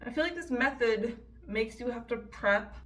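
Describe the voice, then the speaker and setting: A woman's voice: a little high, expressive, normal speed, a bit bright. A woman in her twenties chatting casually and swearing freely while doing her makeup for a beauty vlog. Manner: chatty, profane, storytelling. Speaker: beauty vlogger. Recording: voice a bit distant from the mic.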